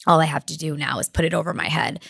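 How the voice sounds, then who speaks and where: Low, gravelly-voiced young woman, tearful. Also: fairly even intonation, fast talker, a bit bright, no room sound, studio quality. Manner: fillers of "like", tearful and laughing. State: crying. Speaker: weightlifter guest. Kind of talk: emotional interview storytelling.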